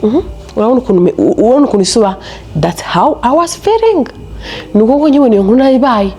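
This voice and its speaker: A young woman telling a story to camera in a casual vlog, animated and laughing often as she switches between Kinyarwanda and English. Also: a little high, rapid-fire. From Rwanda. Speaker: storytelling vlogger.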